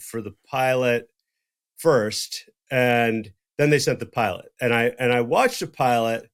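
With a clear, resonant, medium-pitched voice, a middle-aged podcast co-host spins a story during casual conversation. He swears freely and animatedly performs the dialogue he quotes.

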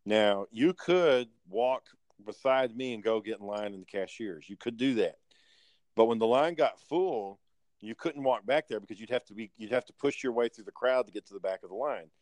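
Guy ranting thru old job stories, cussing, lowish voice, dry close sound. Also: normal speed, no room sound. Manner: animated, profane, acts out the people in his stories. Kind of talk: casual storytelling chat.

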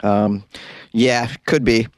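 A man's voice: mid-range voice, fairly even intonation, takes it slowly, no echo. A man hosting a comedy news podcast from a small closet studio, reading odd stories and chatting in a loose, rambling, jokey way. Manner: jokey, rambling, puts on silly voices for quotes. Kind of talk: comic news reading and casual chat.

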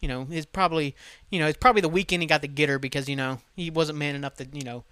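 A man in his thirties hosting a solo podcast, ranting casually with heavy swearing and animated asides. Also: on the high side, racing, smooth, dry recording. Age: 30s. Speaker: podcast host.

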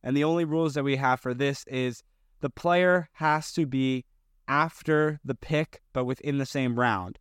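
Man with a smooth, resonant voice. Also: medium pitch, unhurried, dry recording, clean studio sound. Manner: rambling, with many fillers and restarts. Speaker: podcast co-host. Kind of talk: casual chat.

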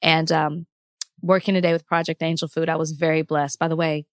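A woman's voice: low voice, little pitch movement, fairly quick, dry recording, studio quality. Earnest woman co-hosting a podcast. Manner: earnest, reflective. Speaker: podcast co-host. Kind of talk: casual chat.

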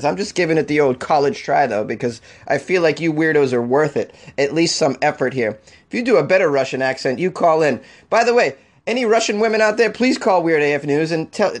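A man hosting a comedy weird-news show, riffing on stories in a jokey, rambling way. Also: on the high side. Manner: jokey, rambling, quick to laugh.

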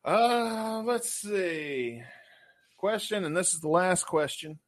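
A man's voice: sits high, animated. A man co-hosting a casual chat, reading trivia questions and joking crudely with lots of swearing. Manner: crude, loud and jokey, with profanity; reads trivia questions out slowly. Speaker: podcast co-host.

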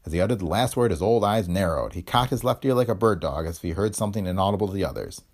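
A man narrating a vintage detective story in a measured, expressive reading. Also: deep voice. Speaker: audiobook narrator.

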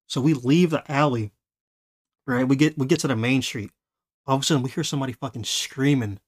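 A man hosting a podcast, telling a story in a casual, animated way. He laughs often and acts out the voices of the people he quotes. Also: medium pitch, fast talker. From Los Angeles. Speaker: podcast host.

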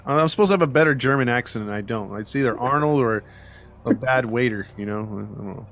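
A man's voice: mid-range voice, brisk, a bit bright. A man hosting a podcast, telling a true-crime story in casual chat with lots of fillers and sarcastic asides. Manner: rambling, frequent "you know" fillers and restarts. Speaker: podcast host.

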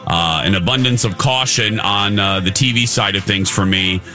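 Chatty male radio host, bright voice. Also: on the low side, normal speed, faint music behind. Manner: chatty, playful banter with co-hosts. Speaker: radio morning show host. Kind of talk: casual morning radio chat.

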